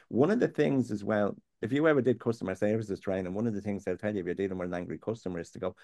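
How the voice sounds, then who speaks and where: A man's voice: on the low side, very fast, vocal fry, few pauses, mellow, dry recording, studio quality. A man, talking earnestly and plainly as a guest on a faith topic, sometimes digressing. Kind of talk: candid conversational chat.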